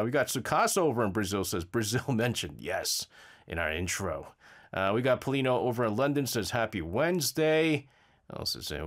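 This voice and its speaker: A man hosting a radio show, chatting casually and reading listener messages, with lots of fillers and stammers. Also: mid-range voice. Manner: lively, rambling, frequent fillers and stammers. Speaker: radio host. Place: radio studio.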